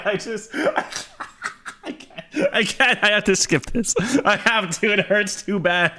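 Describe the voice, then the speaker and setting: A man's voice: high voice, measured pace, bright, forceful tone. A man streaming a casual reaction, swearing freely and laughing often.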